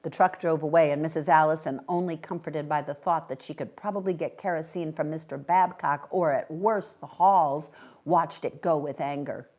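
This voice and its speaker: A woman reading a short story aloud at a library event, with expressive, animated delivery. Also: deep voice, normal speed. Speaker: guest reader.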